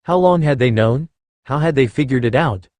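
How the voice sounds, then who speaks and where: Man reading a story aloud, lively. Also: medium pitch, moderate pace, no echo. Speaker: story narrator. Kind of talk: fan fiction audiobook narration.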